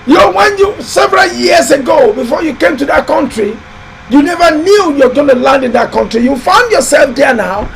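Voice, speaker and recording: A very high-pitched man talks loudly and emphatically, hosting a live building-advice stream. He repeats himself and exhorts his viewers like a preacher. A faint hiss runs under the recording. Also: lively intonation, normal speed, creaky, rough recording. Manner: loud, emphatic, exhorting and repetitive. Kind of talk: live-stream motivational talk.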